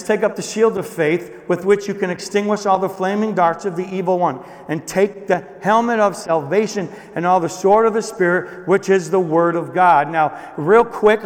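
A man preaching a sermon to a congregation in a conversational style, moving between loud emphasis and hushed asides. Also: high voice, long reverb tail. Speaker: pastor.

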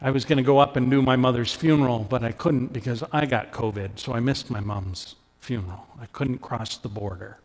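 A middle-aged man from Canada preaching a sermon as a pastor, earnest, lifting his voice for emphasis and dropping soft when he turns personal. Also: mid-range voice, a little fast, hardly any pauses. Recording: long hall reverb.

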